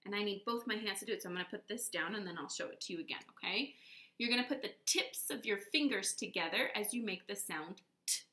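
A woman teaching letter sounds to young children, slow and encouraging, drawing out each sound for them to copy. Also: mid-range voice, pushed and bright, echoey room. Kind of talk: children's phonics lesson.

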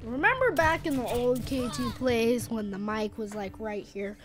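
A young woman commentating her own gameplay in a casual, chatty, self-deprecating way on a boom arm mic, with sudden loud exclamations. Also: animated, measured pace. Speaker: gaming channel host. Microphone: boom arm studio mic.

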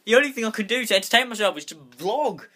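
Heavy background noise surrounds this young man's high, expressive voice as he talks fast in a casual bedroom vlog, phone held in his hand. He rambles restlessly and curses without holding back.

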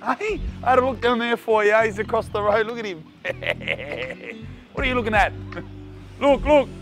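A young Australian man hosting a food vlog, chatting in a loud, joking, slangy way. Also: high-pitched, sing-song, unhurried, soft background music. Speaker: food vlogger host. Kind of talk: casual vlog chat.

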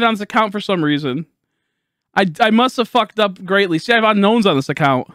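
A young man streaming a video game live, loud and exasperated, laughing and swearing as he talks to his chat. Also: sits high, lively intonation, a little fast, no room sound, clean studio sound.

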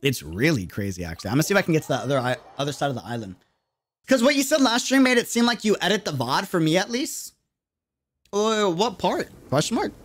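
A young man from New York City with a New York accent, chatting casually while streaming a game live and reacting loudly to the action. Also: fairly high pitch. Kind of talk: live gaming stream chat.

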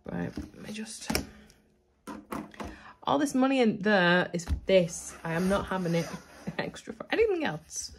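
A woman's voice: medium pitch, sing-song, unhurried, slight background noise. A woman talking to camera at home at night, chatty and self-mocking as she thinks aloud. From United Kingdom. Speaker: budgeting vlogger. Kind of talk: casual chat to camera.

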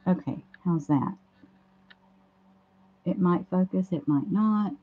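A hoarse woman hosts a casual craft livestream, chatting through each step as she works at a home craft table. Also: on the low side, takes it slowly, heavy background noise. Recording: dull lo-fi livestream audio.

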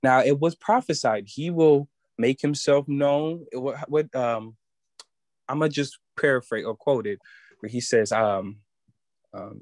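A man sharing a personal religious testimony in an earnest, halting way, often restarting as he looks for words. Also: medium pitch, darkish tone, dry recording. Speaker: student giving testimony.

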